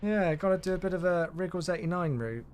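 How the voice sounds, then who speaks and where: Talking fast in a high-pitched, animated, slightly mellow and smooth voice, this man chats with viewers during a flight sim live stream. Worn out from the day, he yawns while reading chat aloud and thanking his subscribers.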